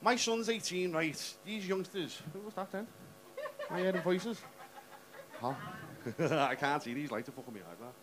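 An English man performs a brash, profane stand-up set on a comedy club stage, ribbing the audience in a somewhat high voice at normal speed with frequent pauses. The live club recording is noisy, with audience laughter behind him.

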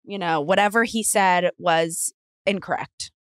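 A woman guesting on a casual podcast, blunt and quick to laugh, swearing now and then. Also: lowish voice, dry recording, studio quality. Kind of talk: casual chat.

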